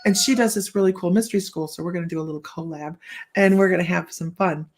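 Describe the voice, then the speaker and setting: A woman's voice: fairly low pitch, steady tone, fast talker. Chatty woman telling stories on a livestream. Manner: chatty storyteller who acts out quotes and laughs often. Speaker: psychic hosting a live stream. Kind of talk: casual live-stream chat. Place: room at home with the window open.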